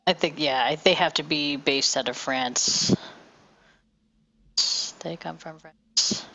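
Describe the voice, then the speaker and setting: A woman's voice: deep voice, takes it slowly, bright, forceful tone, dull audio. A woman streamer chatting casually over gameplay, rambling with lots of fillers and the odd swear.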